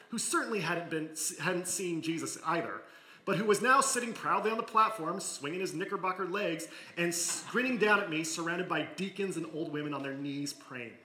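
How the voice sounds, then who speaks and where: A man preaching a sermon, reading a story aloud with expressive delivery that falls to a hush in quiet moments. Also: fairly high pitch, brisk. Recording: echoey room.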